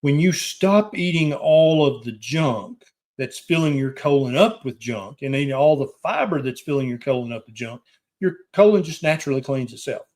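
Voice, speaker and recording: Plain-spoken doctor hosting a live show. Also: male voice, on the high side, expressive, moderate pace, a little mellow. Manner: plain-spoken, direct, reassuring advice. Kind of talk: casual live-stream chat, reading viewer questions aloud.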